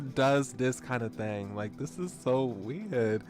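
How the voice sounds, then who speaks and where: Lively, expressive young man streaming. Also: mid-range voice, slow pace, hardly any pauses, soft background music. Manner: animated, exclaiming, expressive reactions. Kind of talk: casual live-stream reading and reacting.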